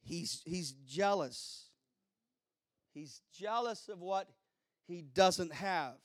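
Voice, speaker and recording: A man preaching a sermon. He swings from hushed asides to shouted preaching and keeps crying out hallelujah and glory. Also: sits high, animated, drawn-out words, dry recording, studio quality. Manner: exclaims hallelujah and glory often.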